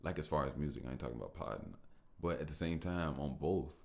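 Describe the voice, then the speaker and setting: A man's voice: rumbling low, fast, vocal fry, a little mellow. A man hosting a podcast on his own, talking to listeners in a reflective, emotional way, often repeating himself and thanking them. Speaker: podcast host. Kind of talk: reflective solo podcast talk.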